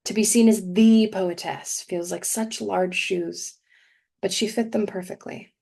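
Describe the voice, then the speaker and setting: A young adult woman giving a prepared talk at a congregation service, explaining things in a measured way and reading verse slowly with emphasis. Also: medium pitch, steady tone, creaky, a little mellow. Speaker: guest speaker at a congregation service. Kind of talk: prepared talk read aloud.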